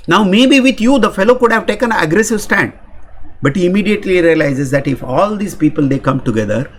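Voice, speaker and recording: Indian English male seminar speaker, lively swooping intonation, emphatic and audience-facing, faint background hiss. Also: on the high side. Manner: animated, emphatic lecturing to an audience. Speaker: management consultant and speaker. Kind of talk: motivational seminar talk.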